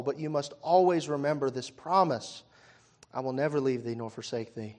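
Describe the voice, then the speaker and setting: A man preaching a sermon, moving from quiet conversational storytelling to loud, impassioned peaks, with frequent "uh" and "you know" fillers. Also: on the high side, moderate pace.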